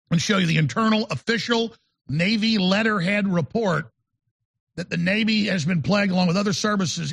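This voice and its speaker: A man's voice: high-pitched, creaky, a bit bright, husky. A man hosting a talk show, delivering an emphatic, rambling monologue and often repeating words. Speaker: show host.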